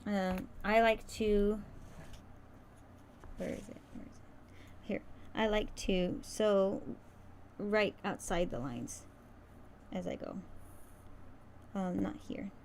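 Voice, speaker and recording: A woman at a middle pitch talks her way through a casual sewing livestream. She is chatty and rambling, restarting sentences and stumbling over words. A faint noise runs under her voice. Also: slow pace, pauses often, a little mellow. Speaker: crafter streaming a sewing demo.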